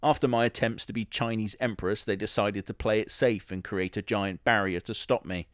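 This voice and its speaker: A man playing a boastful, scheming Big Bad Wolf who defends himself in a deadpan, rambling comedy monologue. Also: lowish voice, moderate pace, dry recording, clean studio sound, lightly acted. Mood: defensive. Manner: self-justifying, deadpan, rambling. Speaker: comic character monologue.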